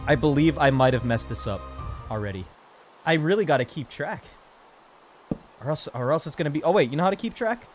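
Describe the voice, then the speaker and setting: A young man casually streaming a building game, rambling, cracking self-mocking jokes to his chat and counting out loud under his breath. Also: fairly high pitch, animated, brisk, long pauses, faint music behind. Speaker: gaming streamer. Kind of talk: casual live-stream commentary while building.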